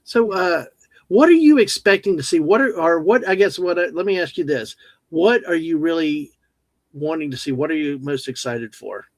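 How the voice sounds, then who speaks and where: Brief: chatty joking man guest on a live stream, high-pitched, dry mic. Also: lively intonation, normal speed, no room sound, rough recording. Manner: jokey, chatty, restarts often. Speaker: guest co-host. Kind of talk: casual chat on a livestream.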